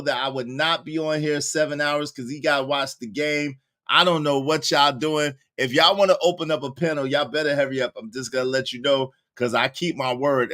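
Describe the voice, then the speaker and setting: Male livestream host, loose and slangy, speaks straight to his viewers, voice bright and high. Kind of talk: casual livestream chat.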